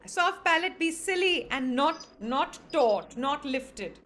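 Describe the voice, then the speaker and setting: High-voiced woman teaching singing online. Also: animated, slow, a bit bright, slight background noise. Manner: affectionate, demonstrates vocal exercises by singing. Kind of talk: online group singing lesson. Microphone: video call.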